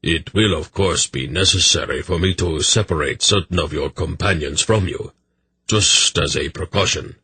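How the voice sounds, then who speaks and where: A man voicing a polite, calculating army captain who speaks with smooth courtesy. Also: deep voice, normal speed, bright, forceful tone, no echo, full character voice. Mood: courteous.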